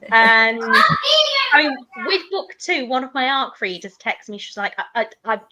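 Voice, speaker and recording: A woman author telling anecdotes in an animated way, acting out what others said. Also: on the high side, a little slow, heavy background noise. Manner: animated storyteller, acts out quoted dialogue. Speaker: author guest. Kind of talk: casual chat.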